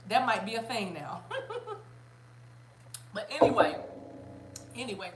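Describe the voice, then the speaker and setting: A chatty, animated woman from South Carolina, giving a casual spiritual reading to her viewers. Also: medium pitch, brisk, roomy sound, background noise. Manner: animated, chatty, bursts into laughter and song. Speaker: spiritual reader.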